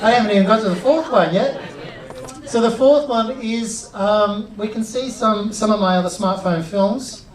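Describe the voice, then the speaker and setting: A middle-aged man giving an energetic live workshop, chatty and drawing the audience in. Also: high voice, normal speed. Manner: upbeat, chatty, involves the crowd. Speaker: workshop presenter. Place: cinema auditorium with audience. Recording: roomy auditorium sound from a distance.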